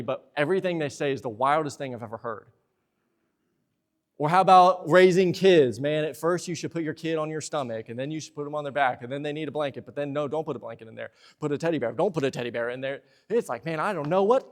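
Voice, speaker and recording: A young man preaching a sermon in a church, lively and talkative, slipping into playful asides. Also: on the high side. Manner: lively preaching, acts out husband and wife exchanges in asides. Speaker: pastor. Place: church sanctuary.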